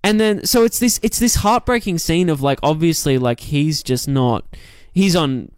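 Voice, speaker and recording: A man's voice: a little high, normal speed, smooth, no room sound, studio quality. A man, co-hosting a casual film podcast and talking in long rambling sentences full of restarts and fillers.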